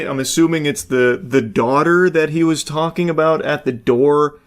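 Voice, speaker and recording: A man talks through clips in a loose, rambling commentary. His voice sits a bit high, and he scatters casual swearing and jokey asides throughout. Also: moderate pace. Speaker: host.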